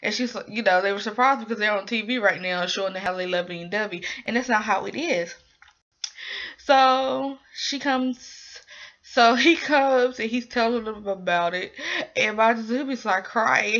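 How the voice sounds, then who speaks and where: A woman's voice: a little high, moderate pace, a bit bright. A young woman casually recapping a drama episode, rambling with lots of ums and likes. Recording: dull lo-fi recording.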